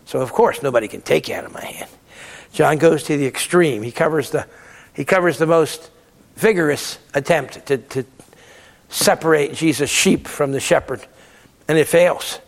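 A man's voice: fairly high pitch, normal speed, vocal fry, in a large hall. A man giving a Bible lecture, emphatic and repeating words to stress his points. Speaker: theology lecturer.

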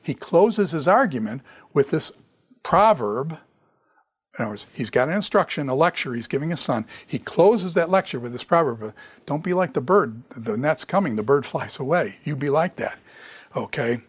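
A man giving a classroom Bible lecture, animated, chuckling and throwing in sarcastic asides. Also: fairly high pitch, moderate pace, slightly rough, no echo, clean studio sound.

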